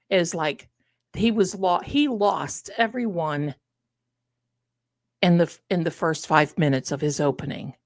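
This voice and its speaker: Older woman, live-stream host, slow pace, chatty storytelling asides, dry close sound. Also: fairly low pitch, no echo. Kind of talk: casual live-stream commentary.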